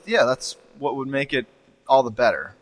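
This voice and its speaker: A man's voice: medium pitch, normal speed, no echo. A joking male podcast host chats casually and laughs often. His mid-range voice is recorded close and dry, with no room sound. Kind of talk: casual chat.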